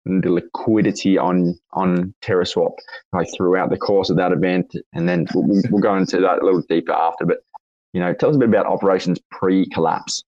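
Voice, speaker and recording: A man with an Australian accent and a raspy voice, hosting a casual audio chat and asking long, rambling questions with lots of fillers. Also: deep voice, steady tone, fairly quick, darkish tone, no room sound, highs cut off. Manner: rambling, self-correcting questions with frequent fillers. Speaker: host. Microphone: online audio chat room.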